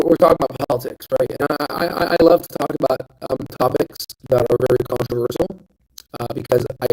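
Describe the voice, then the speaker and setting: A man's voice: medium pitch, vocal fry, warm tone, poor audio. A tired young man with a sore throat, hosting a rambling, casual stock chat into a handheld phone. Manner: rambling, self-deprecating, restarts often. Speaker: stock channel host. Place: outdoors hot tub. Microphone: phone held in hand.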